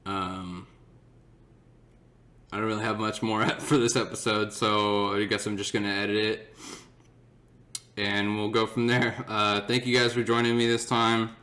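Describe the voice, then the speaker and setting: A man's voice: on the low side, little pitch movement, measured pace, pauses often, pushed and bright. A young man hosting his own podcast, telling a story casually and animatedly, laughing often and acting out his friends' voices. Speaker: podcast host.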